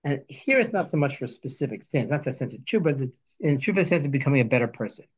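A man teaching a text study lesson, reading verses slowly before he explains them. His voice sits at a middle pitch. The recording is a bit dull and lo-fi. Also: expressive, breathy edge. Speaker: Torah teacher.

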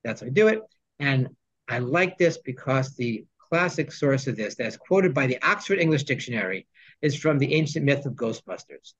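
A man's voice: mid-range voice, animated, moderate pace, fairly bright tone. A man teaching a text study class, reading Hebrew phrases and explaining them in English with joking asides. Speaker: Torah teacher. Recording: dull lo-fi sound.

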